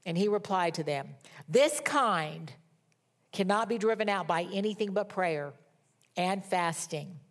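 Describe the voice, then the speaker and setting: A woman's voice: lowish voice, animated, measured pace. Woman preaching a dramatic sermon. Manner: dramatic, rising to loud emphatic peaks, dropping to whispers. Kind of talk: sermon with scripture reading.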